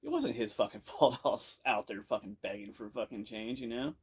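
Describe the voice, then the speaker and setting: A man's voice: lowish voice, fairly quick, slightly rough. A man casually telling a story from his own past, rambling and swearing constantly, with lots of "you know". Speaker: podcast storyteller. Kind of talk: casual first-person storytelling.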